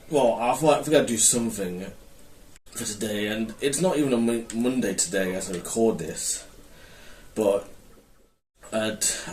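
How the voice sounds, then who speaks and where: A man's voice: fairly low pitch, a little mellow. A man hosting his own gaming channel, rambling and correcting himself as he comments on his play. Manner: rambling, hesitant, self-correcting. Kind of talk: casual gameplay commentary. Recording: roomy, mic held far off with faint noise.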